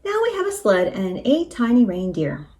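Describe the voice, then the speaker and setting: A woman's voice: medium pitch, wildly swooping pitch, moderate pace, a little mellow. A woman voicing a cheerful, confident female cow full of plans in a storybook. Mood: eager. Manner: eager, confident.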